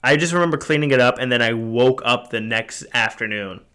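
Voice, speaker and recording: A man's voice: mid-range voice, a little fast, pushed and bright, smooth. A man in his twenties hosting a podcast, telling a story in a casual, rambling way, with frequent swearing, fillers and restarts. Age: 20s. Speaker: podcast host.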